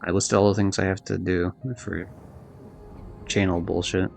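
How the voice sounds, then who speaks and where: A man's voice: sits low, level tone, moderate pace, creaky, faint music behind. A man streaming a video game live, chatting loosely and rambling, swearing now and then. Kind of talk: casual live-stream chat while gaming.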